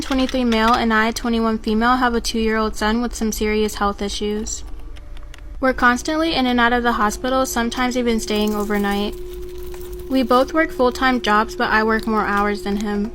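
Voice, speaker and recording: A woman reading a submitted story aloud in an even, steady delivery. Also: on the high side, slight background noise. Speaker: story reader.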